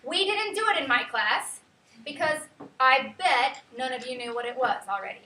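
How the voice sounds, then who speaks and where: A woman teacher giving a lively classroom lecture, quizzing her students and counting out rhythms aloud. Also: high voice, moderate pace. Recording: echoey classroom from far off, faint hiss.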